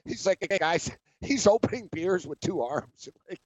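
Animated, storytelling sports radio host man. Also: sits high, slightly rough, no room sound. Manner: animated storyteller, quick asides. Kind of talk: casual sports radio chat. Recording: dry, dull lo-fi studio audio.

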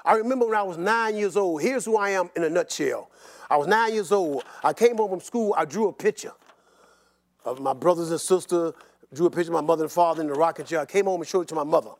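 Older male guest, high voice, rapid animated rambling storyteller. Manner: animated and rambling, repeats words, laughs often. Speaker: interview guest. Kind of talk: personal storytelling in an interview.

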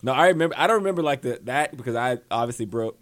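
A man in his thirties co-hosting a podcast, adding quick quips and laughing along with his partner. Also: mid-range voice, animated, a crowd in the background. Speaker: podcast co-host, former football player. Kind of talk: casual chat.

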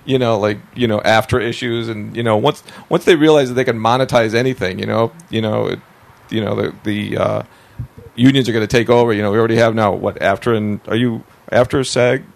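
Podcast host, male, gravelly mid voice, laughs a lot, meandering questions. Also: fairly low pitch, fairly even intonation, a little fast. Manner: laughs often, rambling questions. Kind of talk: casual interview chat.

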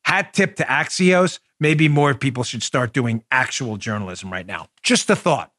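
A man's voice: mid-range voice, lively intonation, normal speed, fairly bright tone, dry recording. A middle-aged man hosting a political podcast, talking emphatically and jokingly through commentary and sponsor reads. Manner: emphatic, jokey, riffs and does mock voices. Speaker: podcast host.

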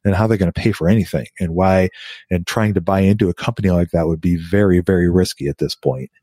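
A man hosting a podcast, relaxed and friendly as he talks with listeners. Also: low-pitched, fast talker, dry recording, clean studio sound. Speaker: podcast host. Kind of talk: casual podcast sign-off.

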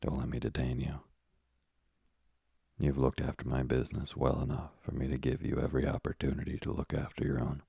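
A man voicing a kindly, fatherly older ship owner in an audiobook, with a gravelly, husky voice. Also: a bass voice, little pitch movement, brisk, warm tone, no room sound, studio quality, full character voice. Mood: genial. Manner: genial, fatherly. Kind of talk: audiobook character reading.

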